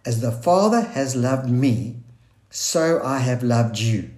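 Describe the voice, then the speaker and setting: A man's voice: mid-range voice, lively intonation, slow pace, darkish tone. A man preaching a sermon in an earnest, searching way, quoting scripture and restarting his thoughts. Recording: roomy echo.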